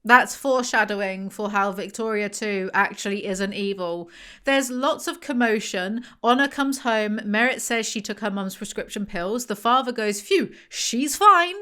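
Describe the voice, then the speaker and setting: A woman's voice: mid-range voice, normal speed, a bit bright, smooth. A woman chatting casually as a book reviewer, rambling and sarcastic, going off on tangents. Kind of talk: casual chat.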